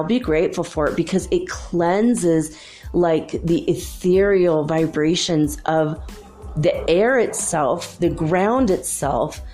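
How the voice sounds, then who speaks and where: Mellow-voiced chatty spiritual woman. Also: low-pitched. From Minnesota. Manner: rambling, chatty, laughs often. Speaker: spiritual channel host. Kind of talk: casual spiritual monologue.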